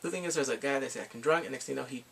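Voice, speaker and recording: A man giving a casual, rambling movie review, laughing often and acting out quotes in high voices. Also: very fast, creaky, a bit bright, a little hiss or hum.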